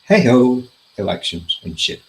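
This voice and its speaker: A man's voice: mid-range voice, very animated, a little slow, low-quality recording. A man hosting a casual chat about news and politics, joking and laughing often. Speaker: host.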